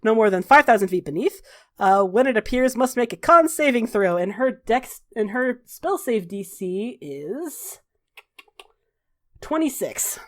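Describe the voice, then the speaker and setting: A woman running a tabletop game as game master, narrating and calling the rules briskly with offhand fillers. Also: fairly high pitch, sing-song.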